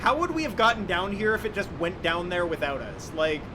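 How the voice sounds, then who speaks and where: Joking high-voiced man streaming a game. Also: big pitch swings, brisk, noisy background. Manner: joking, laughs often. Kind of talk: casual gameplay commentary.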